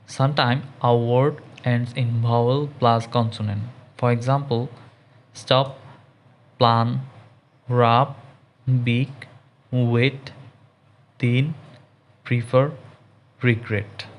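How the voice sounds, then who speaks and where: Guy teaching english grammar, reads word lists super slow, medium voice. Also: mid-range voice, level tone. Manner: reads word lists in a measured, deliberate cadence. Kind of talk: slow scripted grammar lesson.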